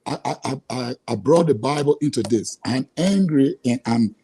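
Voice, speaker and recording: A man's voice: mid-range voice, lively intonation, moderate pace, warm tone, breathy edge, low-quality recording. A man with a Liberian English accent, speaking heatedly as an interview guest, often stammering and repeating himself when frustrated. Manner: angry, repetitive, stammering restarts.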